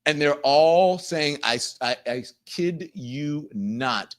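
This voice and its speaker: A middle-aged male host tells a story in a casual, animated monologue. His voice sits a little high for a man, and he acts out the voices of the people he quotes. He swears freely and talks like he is chatting with his audience. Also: slow pace, hardly any pauses. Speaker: show host.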